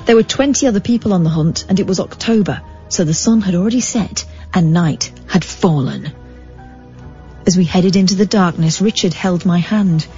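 A woman's voice: fairly low pitch, moderate pace, warm tone. A woman co-hosting a talk radio show, reading a magazine story aloud with dry, teasing asides. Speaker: radio co-host. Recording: dull broadcast audio over faint music.

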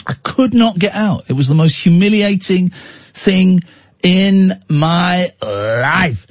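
A man's voice: sits high, lively intonation, slow, dry recording, muffled recording. A man hosting a talk radio show, telling a rambling, self-mocking story full of restarts, sounding tired out. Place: radio studio.

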